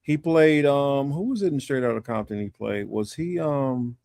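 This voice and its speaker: A man with a gravelly, fry-heavy voice talks loosely on a livestream, circling through his thoughts with plenty of pauses and fillers. The sound is dry and close, with no room around it. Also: mid-range voice, darkish tone, no room sound. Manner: rambling, halting, many fillers. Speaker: livestream co-host. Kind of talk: casual chat.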